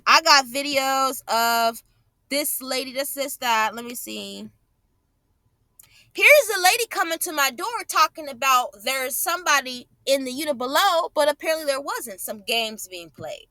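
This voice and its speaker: A woman's voice: high voice, animated, measured pace, pushed and bright, dry recording. A woman vlogger angrily commenting over her own clips, profane and repeating herself for emphasis. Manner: indignant, profane, repeats phrases.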